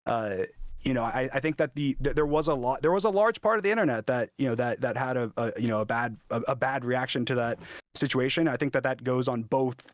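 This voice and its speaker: Fast-talking hesitant young man, dry sound. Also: medium pitch, no echo. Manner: hesitant, many restarts and fillers. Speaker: streamer. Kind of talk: casual debate on stream.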